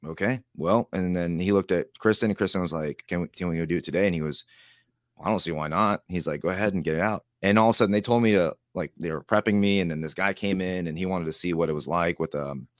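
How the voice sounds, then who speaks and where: A low-pitched man talks quickly as a guest in a casual storytelling interview, rambling along and laughing as he acts out other people's lines. The studio-quality recording has no echo.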